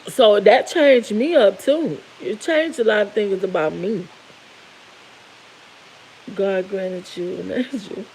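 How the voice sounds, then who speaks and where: Woman, middle-aged, raspy gravelly tone, emotional heartfelt storytelling, faint background hiss. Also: mid-range voice, slow pace, long pauses, darkish tone, low-quality recording. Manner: emotional, candid, tearful at moments. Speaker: vlogger. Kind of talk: personal storytelling to viewers.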